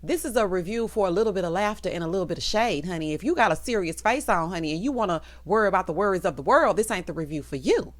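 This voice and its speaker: A woman's voice: fairly low pitch, expressive, fast talker, few pauses. Female recap host with a sassy, teasing chat and a widely ranging voice. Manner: sassy, teasing, calls listeners honey and child. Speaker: TV episode recap reviewer.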